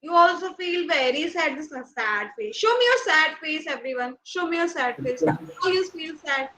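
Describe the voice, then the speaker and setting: A woman's voice: sits high, expressive, normal speed, bright, forceful tone, a little hiss or hum, rough recording. A young woman with an Indian English accent teaching small children in an online class, playful and coaxing, asking lots of questions and laughing often. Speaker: nursery teacher.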